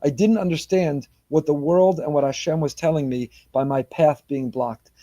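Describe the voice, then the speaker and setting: A rabbi preaching with a fairly high, mellow voice in a dry, close sound. He delivers his sermon emphatically, rising and pressing on key points and mixing Hebrew terms into English. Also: moderate pace, no room sound.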